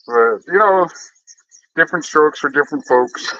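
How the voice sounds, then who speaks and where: A man's voice: on the high side, lively intonation, normal speed, bright, forceful tone, no echo, lo-fi sound. A man chatting casually with his viewers in a loose, rambling way, swearing freely and trailing off into fillers and restarts.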